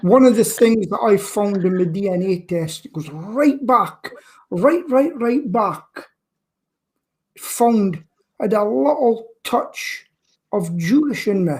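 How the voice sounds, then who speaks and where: A woman's voice: mid-range voice, lively intonation, slow, a little mellow, breathy edge. A woman from England telling chatty anecdotes on a group video call. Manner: storytelling, chatty, laughs at own anecdotes.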